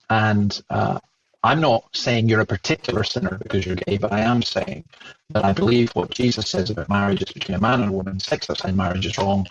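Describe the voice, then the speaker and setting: Husky Scottish man telling a story. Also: lowish voice, muffled recording. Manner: animated, acts out remembered dialogue. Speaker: Christian speaker and guest. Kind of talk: storytelling in conversation.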